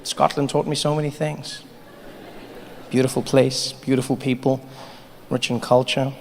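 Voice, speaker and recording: A man doing stand-up comedy, telling stories in an animated, playful way. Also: mid-range voice, measured pace, gravelly, a little hiss or hum. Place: large live venue with audience. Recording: live hall with long reverb, faint ambience.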